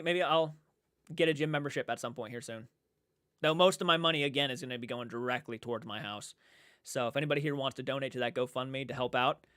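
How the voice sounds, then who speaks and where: A man's voice: mid-range voice, a bit bright, smooth, no echo. Rambling livestreamer man, dry sound. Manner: rambling, repeats himself, reads chat aloud. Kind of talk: casual live-stream chat.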